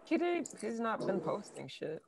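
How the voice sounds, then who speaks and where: A woman's voice: medium pitch, sing-song, normal speed, gravelly, background noise. A woman co-hosting a podcast over a video call, dropping dry wisecracks. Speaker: podcast co-host. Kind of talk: casual group chat.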